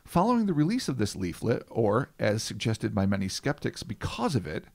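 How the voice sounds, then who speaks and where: Chatty man with a lively, swooping voice. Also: fairly low pitch, moderate pace, creaky. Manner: profane, digressive asides between read passages. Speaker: podcast host. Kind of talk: casual podcast chat, reading notes.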